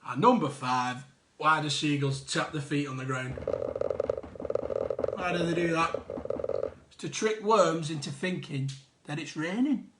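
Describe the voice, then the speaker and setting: A man's voice: a little high, measured pace, pauses often, a bit bright. A man hosting a live online quiz, reading out answers with jokey, chatty asides. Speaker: quiz host.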